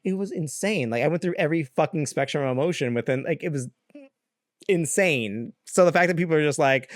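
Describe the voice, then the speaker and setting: A young man talks alone into his podcast mic, candid and rambling, with a lot of fillers and quick laughs. His voice sits a bit high for a man. The sound is dry and close, with no room behind it. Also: animated, no echo. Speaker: podcast host. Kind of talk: casual solo podcast rant.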